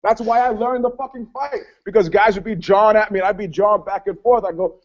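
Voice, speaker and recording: A man with a fairly high voice rambles through profane stories in a casual podcast chat, acting out quotes as he goes. He talks over a video call, and the sound is dull and dry. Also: fairly even intonation, fast, hardly any pauses, dry recording. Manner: profane, rambling storyteller who acts out quotes. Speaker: panelist.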